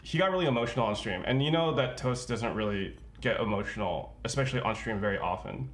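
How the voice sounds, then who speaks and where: A man's voice: mid-range voice, fast. A young man, a streamer co-host, talking earnestly in casual chat and leaning on filler words. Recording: roomy echo.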